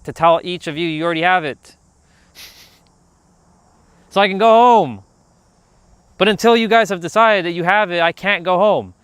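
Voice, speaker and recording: A man hosting a casual outdoor livestream, talking in a rambling, animated way and calling out to people passing by. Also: fairly high pitch, clear, resonant tone, dry recording. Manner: rambling, animated, calls out to passersby. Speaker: livestream host. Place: outdoors near a park.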